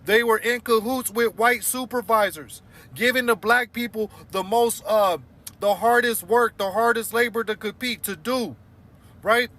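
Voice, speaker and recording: High, bright-voiced indignant male commentator. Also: a little slow. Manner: indignant, rhetorical questions. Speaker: commentator reacting to clips. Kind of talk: opinion commentary.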